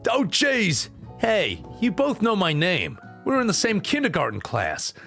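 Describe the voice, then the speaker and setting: A man voicing an excitable young male student who stammers and gushes over his friend. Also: high voice, measured pace, vocal fry, faint music behind, exaggerated voice. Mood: gushing. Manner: stammering, adoring, flustered.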